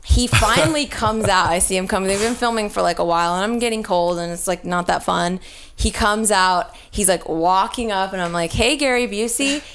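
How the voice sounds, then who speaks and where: A woman's voice: medium pitch, fairly quick, a bit bright. Profane, rambling woman storyteller. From Texas. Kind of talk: comic storytelling.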